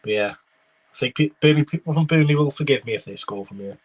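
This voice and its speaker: A young man streams a live football watchalong, talking fast in a medium-pitched voice. He gives running commentary on the match and replies to viewers in chat.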